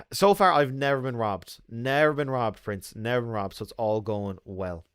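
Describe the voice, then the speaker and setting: A man's voice: medium pitch, moderate pace, fairly bright tone, clean tone, no echo. An Irish man hosting a loose, casual chat with his viewers from a bar. He jokes and laughs easily as he talks. The sound is dry and close. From Ireland. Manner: chatty, joking, laughs often. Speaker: host.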